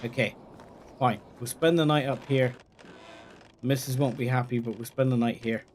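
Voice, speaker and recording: A man giving let's play commentary, chatting calmly and then yelling in panic. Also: mid-range voice, moderate pace, slight background noise. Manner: excitable, swings from calm chatter to yelling in panic. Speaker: gaming video creator.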